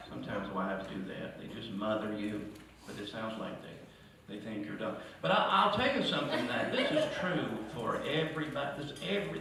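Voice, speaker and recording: A man performing a stand-up comedy routine in a conversational way, with asides to the audience. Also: medium pitch. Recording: echoey, distant, noisy room recording.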